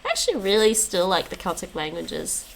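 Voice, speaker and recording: A woman's voice: mid-range voice, huge pitch swings, fairly quick, creaky, rough recording. A woman streaming her language practice, repeating words after an app and chatting casually with viewers, often laughing. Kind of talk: casual chat while practising vocabulary.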